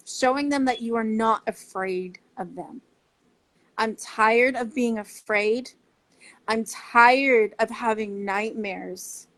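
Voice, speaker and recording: A woman's voice: a little high, a bit bright. A woman speaking earnestly and passionately as a parent advocate in a casual talk to camera. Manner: earnest, impassioned, heartfelt.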